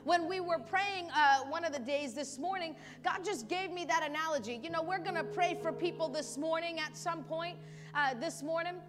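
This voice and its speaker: High-voiced woman preaching over music. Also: moderate pace, long reverb tail. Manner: animated, acts out pleading voices, laughs often. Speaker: pastor. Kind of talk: sermon. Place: church service.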